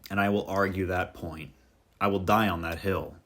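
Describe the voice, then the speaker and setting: Low-voiced man rambling jokily. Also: fairly even intonation, normal speed, fairly bright tone. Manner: rambling, jokey tangents, self-deprecating. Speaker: podcast host. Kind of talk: casual podcast monologue.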